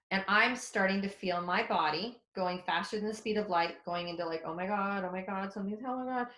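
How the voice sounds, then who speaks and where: A woman in her forties, teaching psychic development, recounts a story in a webinar with a mid-range voice. She comes across as casual, open, and animated, swearing mildly, and the sound carries reverb.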